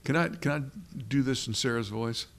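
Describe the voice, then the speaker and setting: A middle-aged man preaching a sermon, reading scripture and asking his listeners questions, slowing down on key words. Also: mid-range voice, a bit bright. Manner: deliberate, asks the congregation questions, slows down for emphasis.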